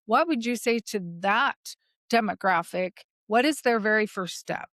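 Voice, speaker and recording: A woman hosting a business podcast, chatting in an animated, anecdotal way. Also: a little high, normal speed, dry recording, clean studio sound. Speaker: podcast host. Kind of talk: casual interview chat.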